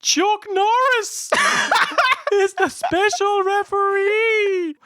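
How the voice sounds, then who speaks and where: A man putting on a theatrical funeral-director man with a high, crying, drawn-out wail. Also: sharp tone, no echo, clean studio sound, heavily acted.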